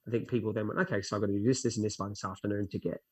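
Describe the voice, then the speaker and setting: A man's voice: on the low side, fairly even intonation, rapid-fire. Fitness instructor guest, young man, chatty, acts out his own thoughts mid-story. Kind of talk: casual interview chat.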